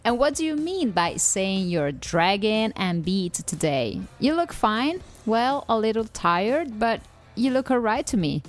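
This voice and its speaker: Woman host, slow and very expressive, cheery and teasing. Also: mid-range voice, soft background music. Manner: cheerful and teasing, laughs often. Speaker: podcast host. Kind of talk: scripted English-lesson dialogue.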